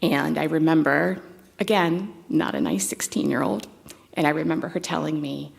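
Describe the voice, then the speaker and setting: Low, gravelly woman giving a eulogy. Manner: conversational and halting, with fond, wry asides. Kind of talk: memorial eulogy.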